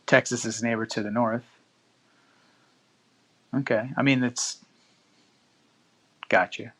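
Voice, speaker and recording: A man's voice: mid-range voice, fairly even intonation, slow pace, a bit bright, breathy edge. A man hosting a live-stream podcast, chatting casually with listeners and reading news aloud with loose, profane asides. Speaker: podcast host.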